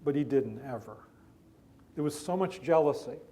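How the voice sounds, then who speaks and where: Man, literary guest, mellow tone, analytical and halting speech before a stage audience. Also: fairly high pitch, animated, slight background noise. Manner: thoughtful, analytical, halting, with many restarts. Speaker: biographer and guest speaker. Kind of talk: literary talk at a festival.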